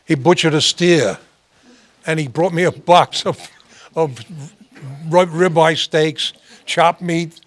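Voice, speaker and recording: A New host tells long, looping stories and laughs along as he goes. His voice sits a touch high for a man, and he keeps circling back and restarting his sentences. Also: steady tone, takes it slowly. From New York. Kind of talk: talk-show anecdote storytelling.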